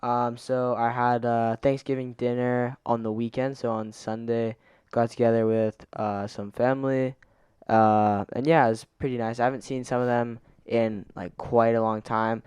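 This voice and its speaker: A teenage boy co-hosting a podcast, chatting casually about his week, relaxed and a bit hesitant, often trailing off. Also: mid-range voice, normal speed, smooth, dry recording. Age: teens. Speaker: podcast co-host. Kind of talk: casual chat.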